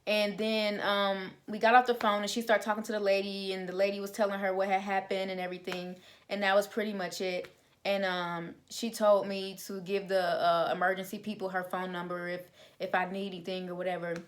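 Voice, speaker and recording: A woman's voice: mid-range voice, level tone, a little fast. A young adult woman telling a personal faith testimony in an informal, conversational way, with plenty of fillers. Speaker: vlogger sharing a testimony.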